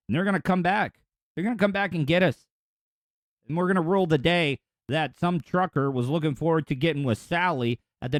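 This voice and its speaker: Male podcast host, slightly high voice, dry close sound, rambling comic riffs. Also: no room sound. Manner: rambling, crude joking asides. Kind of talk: comedic news commentary.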